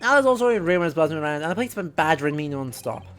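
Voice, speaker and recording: A streamer reading a game aloud and voicing a resentful male banker juror who speaks up loudly. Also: mid-range voice, lively intonation, very fast, soft background music, lightly acted. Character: bitter male banker juror back from abroad.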